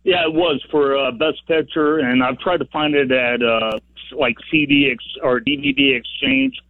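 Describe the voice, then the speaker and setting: A man's voice: mid-range voice, animated, moderate pace, no echo. A man calling in to a radio show, rambling and repeating himself with many uhs. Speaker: caller. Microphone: telephone. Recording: dry tinny phone line.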